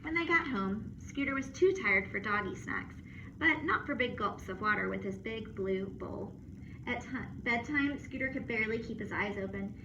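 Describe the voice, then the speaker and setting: A woman teacher reading a storybook aloud to children on camera, expressive and playful with asides and sound effects. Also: on the high side, normal speed. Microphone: phone or camera. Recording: muffled with steady background noise.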